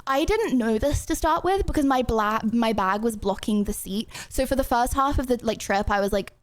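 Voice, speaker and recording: A woman's voice: fairly high pitch, normal speed. A young woman streaming in casual chat, rambling and chatty with lots of filler words.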